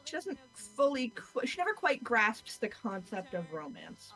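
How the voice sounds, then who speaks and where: A woman chatting excitedly and casually with a friend, swearing now and then. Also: fairly high pitch, unhurried, soft background music, low-quality recording. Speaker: streamer's friend. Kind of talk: casual chat.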